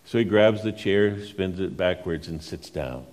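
Male pastor, deep low voice, unhurried sermon storyteller who sinks to a hush to drive points home.

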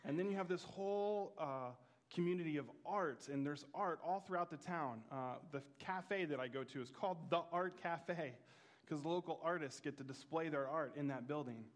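A man delivers a sermon as a pastor. He talks conversationally, telling a personal story and acting out the dialogue. His voice sits a little high for a man. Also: moderate pace.

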